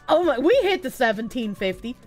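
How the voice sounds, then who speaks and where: A young woman streamer with a stuffy nose, chatting casually and softly with her chat, giggling and swearing freely. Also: sits high. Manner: soft-spoken, not loud, giggly, swears casually. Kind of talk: casual live-stream chat, reading chat messages aloud.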